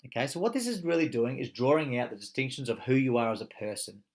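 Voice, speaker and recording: A man's voice: mid-range voice, lively intonation, fast talker. A man teaching a motivational coaching course, speaking emphatically, swearing freely and firing rhetorical questions.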